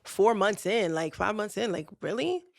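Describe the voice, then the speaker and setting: A young woman hosting a podcast casually tells a personal story, candid and chatty, speaking directly to her listeners. Her mid-range voice is expressive and creaky, at a moderate pace, in a dry, studio-quality recording.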